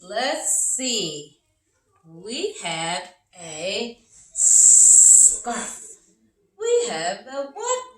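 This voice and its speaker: Woman, phonics teacher, slow, encouraging, exaggerated letter sounds, roomy echo. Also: mid-range voice, a bit bright. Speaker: early-learning teacher. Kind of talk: phonics lesson for young children. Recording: roomy, from a distance.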